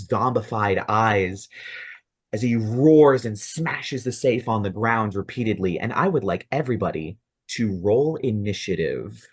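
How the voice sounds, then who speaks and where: A man running a tabletop role-playing game as game master, narrating scenes in a descriptive, measured way. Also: lowish voice, slightly rough.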